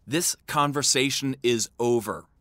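A man's voice: medium pitch, measured pace, sharp tone. An actor playing a cold, controlling middle-aged father who belittles his daughter's worries.

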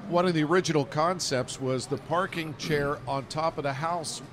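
A man's voice: a little high, normal speed, a crowd in the background. Upbeat man hosting a store podcast. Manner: upbeat, thanks guests, reads promos. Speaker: podcast host. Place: podcast taped in a grocery store.

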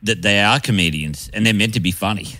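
A man's voice: on the low side, fast, sharp tone, no echo. A man co-hosting a comedy podcast, ranting bluntly and swearing freely in casual banter. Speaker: podcast co-host.

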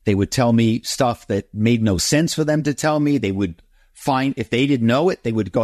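Animated middle-aged man telling stories. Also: medium pitch, moderate pace, no echo, studio quality. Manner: animated, acts out phone calls in other voices. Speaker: guest, author. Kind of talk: interview storytelling.

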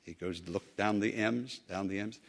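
A male preacher telling a story in a sermon, earnest and emphatic, drawing out key phrases slowly. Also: fairly low pitch, gravelly.

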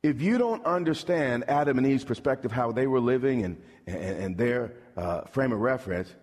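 A man's voice: medium pitch, animated, moderate pace, darkish tone. A middle-aged man preaching a sermon as pastor, emphatic and calling out questions to the congregation. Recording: long hall reverb.

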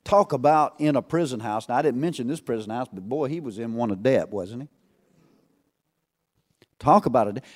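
A man preaching a sermon to a congregation, swinging between loud calls and hushed asides and asking rhetorical questions. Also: medium pitch, expressive, moderate pace, long pauses.

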